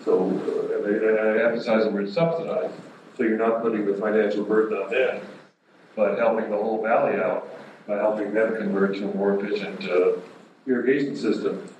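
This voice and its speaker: A man making a public comment as a visitor at a meeting, hesitant and full of pauses and restarts. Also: on the low side, steady tone, a little mellow, dull audio. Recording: roomy hall, distant mic, clear noise.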